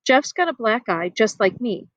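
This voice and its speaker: A woman's voice: a little high, sing-song, normal speed, muffled recording, a little hiss or hum. A woman voicing a troubled young schoolboy, hesitant and plaintive, in a read-aloud storybook.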